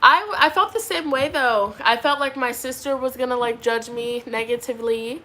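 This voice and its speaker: A woman's voice: high-pitched, moderate pace, sharp tone. A pregnant young woman doing a tarot reading, chatting casually with viewers and laughing often. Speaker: tarot reader.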